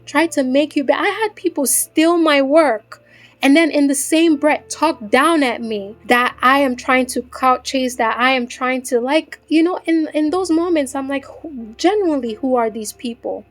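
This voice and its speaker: Earnest higher-voiced woman giving a pep talk. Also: normal speed, faint music behind. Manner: earnest, repetitive, speaks straight to the listener as "ladies"; faith-driven encouraging tone. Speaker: faceless vlogger speaking to women. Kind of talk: heartfelt motivational chat.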